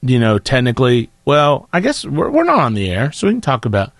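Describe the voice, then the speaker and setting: A man's voice: mid-range voice, a little fast, no echo, studio quality. A man co-hosting a podcast in a casual, joking chat. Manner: animated, joking, does mock voices. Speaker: podcast co-host.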